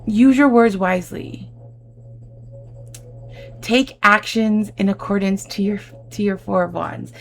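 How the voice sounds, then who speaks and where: Emotional woman reading tarot, gravelly fry. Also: mid-range voice, measured pace. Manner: effusive, emotional, addresses listener as babe and my love. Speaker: tarot reader. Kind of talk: tarot reading addressed to viewers.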